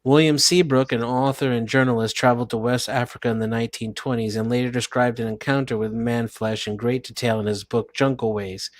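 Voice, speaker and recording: A man, the show's host, reads a passage aloud in a steady, matter-of-fact way. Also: mid-range voice, brisk, few pauses, no echo. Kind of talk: reading an article aloud.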